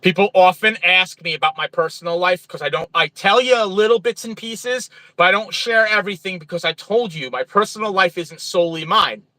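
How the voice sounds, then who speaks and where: A man with a New Jersey accent chats on a livestream from a truck stop. His voice sits a little high and has a sharp, forceful edge. The sound is dry and close, with no room around it. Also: fairly quick, hardly any pauses, no room sound, poor audio. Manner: chatty, friendly, greets viewers by name. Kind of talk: casual livestream chat reading viewer comments.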